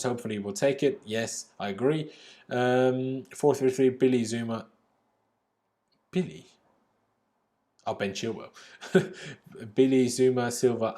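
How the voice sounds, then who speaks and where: A young man hosts a casual livestream, reading viewer comments out loud and answering them in a chatty, informal way, swearing now and then. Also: medium pitch. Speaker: livestream host.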